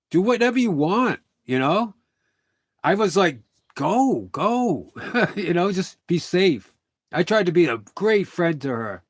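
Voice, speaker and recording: A man's voice: on the high side, no room sound, clean studio sound. Rambling middle-aged man on a livestream. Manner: rambling storytelling with quoted dialogue. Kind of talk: casual livestream chat.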